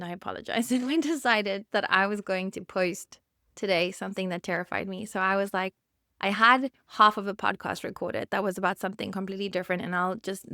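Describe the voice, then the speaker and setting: A woman's voice: mid-range voice, no room sound, studio quality. A woman in her thirties, hosting a podcast alone, speaking candidly and getting choked up with emotion. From South Africa. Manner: candid, emotional, laughs softly. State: choked up, near tears. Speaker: podcast host and therapist. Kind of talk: personal monologue podcast.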